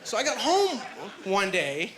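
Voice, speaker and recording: A man performing a stand-up comedy set on a club stage, chatty and self-deprecating, with plenty of filler words and quick asides. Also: sits high, wildly swooping pitch, a bit bright, some chatter behind, slight background noise.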